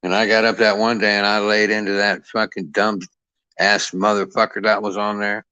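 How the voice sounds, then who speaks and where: A man's voice: lowish voice, flat delivery, normal speed, sharp tone, clear, resonant tone, dry recording. A middle-aged man ranting about boxing in a cantankerous, foul-mouthed, mocking way. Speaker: boxing commentator. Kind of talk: profane ranting commentary.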